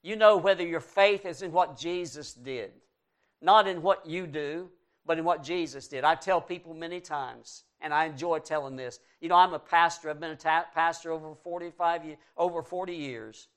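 A man's voice: on the high side, normal speed, fairly bright tone. A man in his sixties, a pastor, preaching a sermon to his congregation and earnestly repeating his questions to them.

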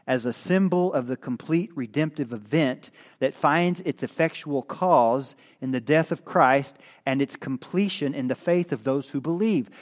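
Animated preacher man, fairly high voice. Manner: animated preaching, rising loud at emphasis, chatty asides. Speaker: pastor. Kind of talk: sermon. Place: church sanctuary. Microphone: stand microphone.

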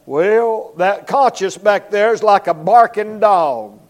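A man preaching a revival sermon as an evangelist in a church, emphatic and animated, acting out voices as he goes. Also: sits high, slow, vocal fry. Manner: emphatic preaching, acts out voices and barking dog.

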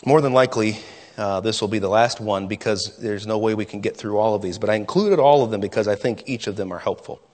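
A man's voice: fairly low pitch, quick pace, a little mellow, in a large hall. A man preaching a sermon as pastor, emphatic and full of rhetorical questions, often restarting his sentences.

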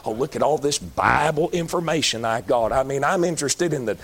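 A middle-aged Baptist preacher, preaching a folksy sermon that climbs into shouted emphasis. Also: male voice, mid-range voice, brisk, gravelly, husky.

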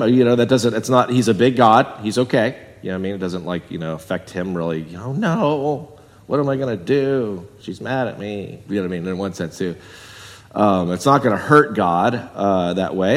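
A man preaches in a loose, conversational style, rising into loud, emphatic peaks and then sinking back to soft asides. His voice sits fairly high for a man, and it rings out with the long reverb of a large hall. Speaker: pastor. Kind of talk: sermon.

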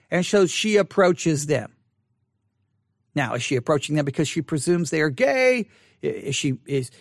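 High-voiced man rambling through commentary. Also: dry recording, clean studio sound. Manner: rambling, frequent restarts and self-corrections. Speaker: Christian commentator. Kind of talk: casual spoken commentary.

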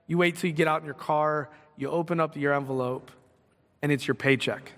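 Pastor, male, higher-pitched, conversational sermon that builds in emphasis; church hall reverb. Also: fairly quick, fairly bright tone. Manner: conversational preaching with rising emphasis.

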